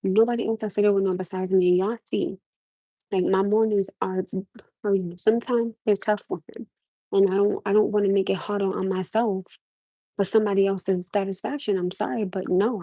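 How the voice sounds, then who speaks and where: A young woman livestreaming from her phone, with a faint New York tinge and a mellow, warm tone. She talks in a loose, animated way, restarting sentences and pressing her viewers for their opinion. Her voice sounds dry and close, with no room around it. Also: medium pitch, brisk, no echo, poor audio. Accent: New York-tinged American. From Norwalk, USA. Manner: animated, repeats questions to the audience, restarts often. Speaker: livestream host. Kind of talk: casual livestream chat to viewers.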